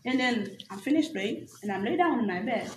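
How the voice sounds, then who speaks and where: Woman pastor, fairly high voice, lively testimony with acted-out dialogue, echoey church hall. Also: a little fast, slight background noise. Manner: animated storytelling, acting out dialogue. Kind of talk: spoken testimony at a graduation service.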